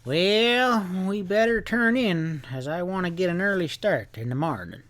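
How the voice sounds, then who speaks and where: A man voicing a gruff, teasing old mountain grandfather with a scoffing folksy drawl. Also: high-pitched, lively intonation, unhurried, fairly bright tone, no room sound, pitched above the performer's own voice. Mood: sleepy, gruff.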